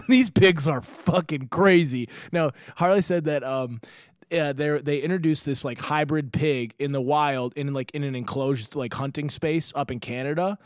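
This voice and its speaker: A young man with a slightly high voice chats loosely on a comedy podcast, rambling and laughing between swears. The sound is dry and close, with no room around him. He tells stories in a loose, joking way. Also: measured pace, no echo. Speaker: podcast co-host. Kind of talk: casual comedic chat.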